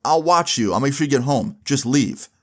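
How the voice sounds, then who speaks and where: A man's voice: mid-range voice, lively intonation, normal speed, pitched above the performer's own voice, lightly acted. A man quoting another friend as an angry young man giving blunt, exasperated orders.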